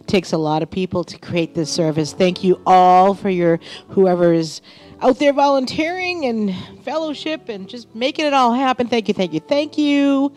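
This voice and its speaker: A woman reading church announcements and thanking volunteers in a friendly, unhurried way during a service. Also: medium pitch, lively intonation, darkish tone. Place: church sanctuary.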